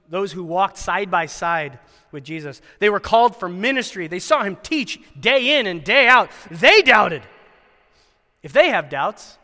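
A man with a fairly high, bright voice delivers a school chapel sermon, mixing scripture reading with wry, animated commentary. He acts out the quoted lines with flair. His voice rings with the long reverb of a large hall. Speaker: chapel speaker at a Christian school.

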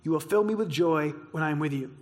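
A man preaching a sermon, telling stories with excitement and acting out the dialogue. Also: on the high side, quick pace. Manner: excitable storytelling, acts out dialogue. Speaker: pastor.

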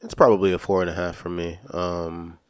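A man's voice: low voice, level tone, fairly quick, smooth, no echo, studio quality. A man co-hosting a movie review podcast in casual chat, blunt and swearing freely. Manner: blunt, profane.

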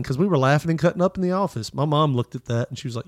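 A man tells a story in an animated, profane way, slipping into voices for the people in it. His voice sits a little high. The sound is dry and close to the mic. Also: a little fast, few pauses, no room sound. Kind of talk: casual storytelling chat.

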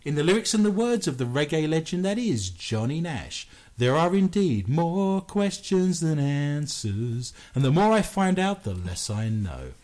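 A man's voice: fairly high pitch, big pitch swings, measured pace, few pauses, a little mellow. A British man hosting a paranormal news radio show, joking and making fun of himself as he talks. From Britain. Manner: playful, jokey, self-mocking.

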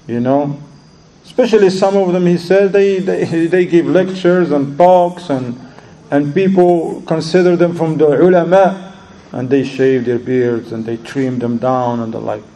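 A man with a voice on the high side speaks a little slowly and mellowly while giving a religious lesson. He tells stories, puts questions to his audience, and repeats words as he searches for them, all on a low-quality recording.

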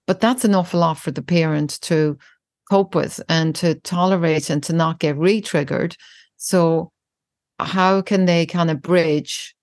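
A woman with a low, grounded voice talks through parenting ideas in a calm, reflective podcast chat. She pauses and restarts her phrases as she thinks aloud. The sound is close and dry, with no room around it. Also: no room sound. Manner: thoughtful, frequent restarts, gentle examples. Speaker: parenting educator guest.

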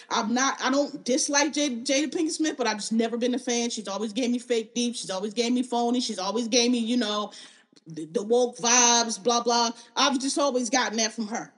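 A podcast host from Philadelphia speaks with a fairly high voice, giving blunt, emphatic opinions and swearing freely once she gets heated.

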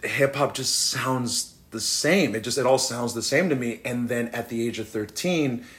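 A man's voice: medium pitch, moderate pace. A man in his thirties, a rapper as guest, telling stories in a casual interview and acting out the voices of the people he quotes. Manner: animated, acts out quoted voices.

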